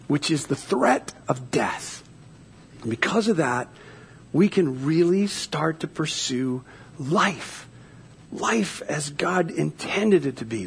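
A man delivers a sermon in a fairly high, husky voice. He speaks earnestly and builds emphasis by repeating his phrases. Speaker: pastor.

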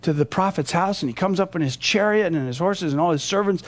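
A man's voice: high-pitched, quick pace. A man teaching a Bible passage verse by verse, explaining and retelling it in a conversational way.

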